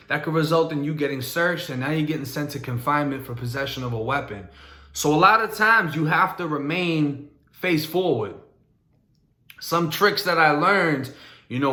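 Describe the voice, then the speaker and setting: A man's voice: medium pitch, sharp tone, roomy sound. A young man bluntly telling his own prison story in a casual, streetwise way. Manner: blunt, streetwise, matter-of-fact.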